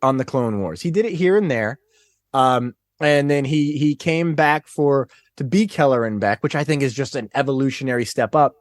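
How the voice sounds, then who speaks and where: A man guest on a podcast, chatting casually and retelling scenes in an excitable, animated way. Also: mid-range voice, normal speed, no echo, clean studio sound. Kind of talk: casual chat.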